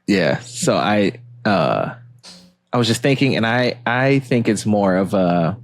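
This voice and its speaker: Podcast guy joking around and cursing, low voice, dry close sound. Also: lively intonation, slow, dry recording, soft background music. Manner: joking, swearing, laughs often. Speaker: podcast co-host. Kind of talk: casual chat.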